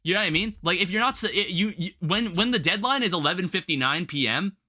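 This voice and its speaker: A young man hosting a livestream, chatting casually while gaming and telling rambling, animated stories with some swearing. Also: high voice, fast talker. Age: young adult. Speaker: livestream host.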